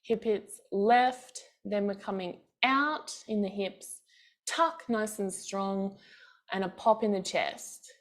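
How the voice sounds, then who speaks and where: A woman's voice: medium pitch, slow. Encouraging woman counting dance steps. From Australia. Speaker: bellydance teacher. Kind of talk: dance class instruction, counting beats. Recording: faint music behind. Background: class music.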